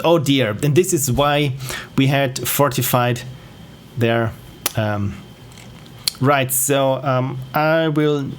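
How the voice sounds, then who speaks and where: Casual male game streamer with a mid-range voice, rambling and self-deprecating, faint music underneath. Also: medium pitch. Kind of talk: casual gameplay commentary.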